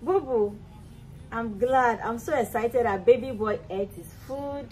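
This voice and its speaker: A woman's voice: fairly high pitch, measured pace, darkish tone, a little hiss or hum, rough recording. A young mother chatting in a casual home vlog, switching between cooing baby talk and asides to her viewers. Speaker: vlogger and mother.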